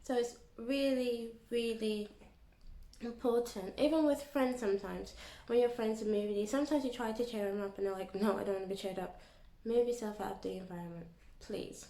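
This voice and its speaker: A young woman chatting casually to her vlog audience in an animated, storytelling way. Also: fairly high pitch, moderate pace. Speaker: YouTuber. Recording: echoey room.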